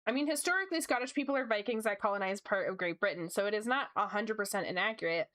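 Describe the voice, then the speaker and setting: A young woman chatting casually as she draws on a livestream, bubbly and gushing with quick asides. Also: mid-range voice, a bit bright. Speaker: streamer. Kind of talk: casual chat while drawing.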